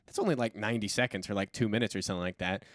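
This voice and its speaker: A man's voice: fairly low pitch, very fast, dry recording. Man, stand-up comic, self-deprecating rambling chat, dry close sound. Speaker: stand-up comedian guest. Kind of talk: casual podcast chat.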